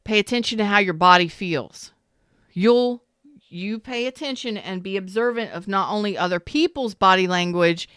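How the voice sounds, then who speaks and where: A woman, a tarot reader and love coach, chatting casually and bluntly on a livestream with animated storytelling. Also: mid-range voice, smooth, no room sound, studio quality.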